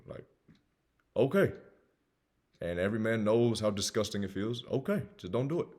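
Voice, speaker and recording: A young man with a husky, fairly low voice and a faint Southern US lilt. He speaks emphatically as a self-improvement host, repeating phrases and switching between loud urging and quiet, confessional asides. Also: lively intonation, normal speed. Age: 20s. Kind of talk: earnest personal monologue.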